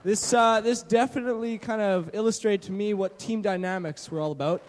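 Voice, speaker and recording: A man telling a mission trip story to a church gathering on a handheld mic, in a lively way with lots of fillers and restarts. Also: high voice, brisk, big-room sound. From Canada. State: shaky from not eating. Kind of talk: church testimony talk. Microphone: handheld microphone.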